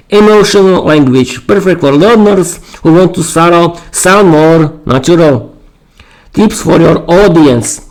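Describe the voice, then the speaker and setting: Hoarse man hosting a live stream. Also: a little high, darkish tone, low-quality recording. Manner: halting, repeats words and restarts. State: losing his voice, clearing his throat. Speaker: podcast host. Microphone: streaming mic.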